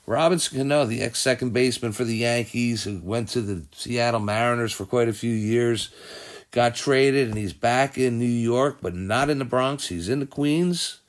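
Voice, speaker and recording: A man with a mid-range voice speaks at normal speed while hosting a relaxed sports podcast. He rambles through results and news, thinking aloud and often catching and fixing his own words.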